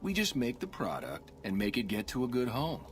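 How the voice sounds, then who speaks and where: A man's voice: mid-range voice, huge pitch swings, fairly quick, crowd noise. An actor playing a laid-back male drug cook in a video game, talking in old-fashioned hip slang. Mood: easygoing. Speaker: game character.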